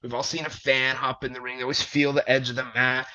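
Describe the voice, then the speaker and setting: A man, a wrestler, telling a long story in casual conversation, animated and profane with plenty of fillers. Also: mid-range voice, fast talker. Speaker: wrestler guest. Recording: dull lo-fi audio.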